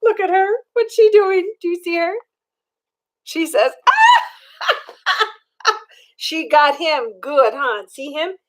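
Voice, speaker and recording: High-voiced grandma reading aloud. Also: female voice, takes it slowly. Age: older. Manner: animated, asks children questions. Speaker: storyteller. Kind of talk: reading a picture book aloud to children.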